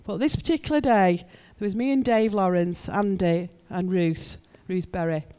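A woman sharing an animated story as a speaker in a talk. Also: medium pitch, normal speed, clean tone. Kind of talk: testimony in a talk.

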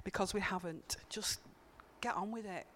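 A woman's voice: medium pitch, moderate pace, fairly bright tone. A woman giving an informal, earnest sermon in church, telling personal stories and repeating key points for emphasis. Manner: earnest, conversational, emphatic repetitions. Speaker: church speaker.

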